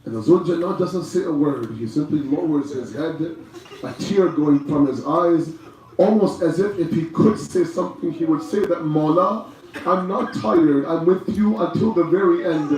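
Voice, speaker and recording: A man's voice: fairly high pitch, normal speed, darkish tone. A man giving a mournful majlis sermon, telling the story with passion and swelling into cries. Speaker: majlis speaker. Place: large mourning hall. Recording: very echoey hall from far off.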